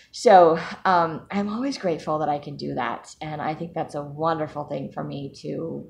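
A woman's voice: deep voice, brisk, gravelly, hardly any pauses, darkish tone. A woman talking casually to camera in a personal vlog, chatty and self-mocking, laughing often. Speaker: vlogger.

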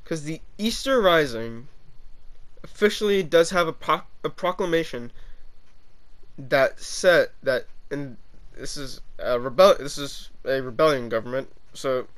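A man talks through a history topic in a loose, unscripted way, his voice sitting a little high. He speaks slowly and keeps hedging and correcting himself mid-sentence. His tone stays offhand and irreverent throughout. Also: fairly bright tone. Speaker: history video creator. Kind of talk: casual unscripted history commentary.

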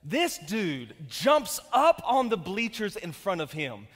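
Male pastor, 30s, very high voice, animated jokey storytelling sermon, long church reverb. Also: slow. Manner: energetic storytelling with jokes, rising to shouts. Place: church sanctuary.

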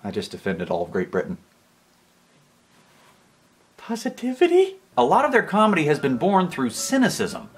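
Rambling American guy, wildly lively voice. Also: fairly high pitch, normal speed, pauses often. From United States. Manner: rambling, self-interrupting, over-the-top. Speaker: YouTube commentator. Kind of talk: comedic vlog monologue.

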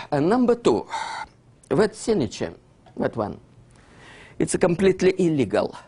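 A husky-voiced man with a Russian accent delivers a lecture, his pitch swinging widely as he acts out exchanges. He speaks English as a second language, dropping articles, and keeps checking in with his listeners. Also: darkish tone. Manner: non-native grammar, drops articles; acts out dialogues between historical figures. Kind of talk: animated lecture.

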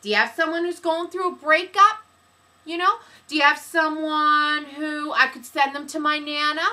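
A woman gushing excitedly as she unboxes and shows off a product on video, breaking into exclamations and sing-song bits. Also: high voice, normal speed. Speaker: video reviewer.

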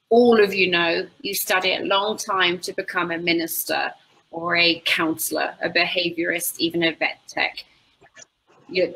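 A woman's voice: lowish voice, breathy edge, low-quality recording. A woman, an animal communicator telling stories in conversation and acting out what clients say. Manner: expressive, acts out quoted clients. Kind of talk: conversational storytelling.

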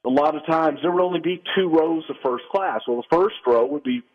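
A man's voice: a little high, fairly quick. Man telling stories down a muffled phone line. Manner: animated storyteller, acts out quoted voices. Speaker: podcast host guest. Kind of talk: phone interview storytelling. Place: outdoors in the cold.

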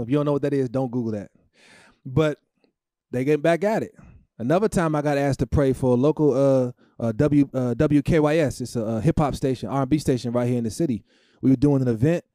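A man preaching a sermon as pastor, emotional and emphatic, with dramatic pauses. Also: medium pitch, dark tone, no echo, clean studio sound.

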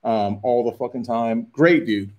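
A man's voice: medium pitch, a little slow, a little mellow, highs cut off. A man co-hosting a live stream, telling rowdy, profane stories and laughing as he goes. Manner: rowdy, profane storyteller who laughs a lot. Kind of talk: casual live-stream chat.

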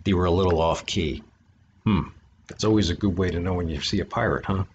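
A man's voice: low voice, a little fast, slight background noise. A man reading a children's picture book aloud as a storyteller, breaking off for chatty asides to his listeners. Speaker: storyteller for an art studio. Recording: dull lo-fi recording.

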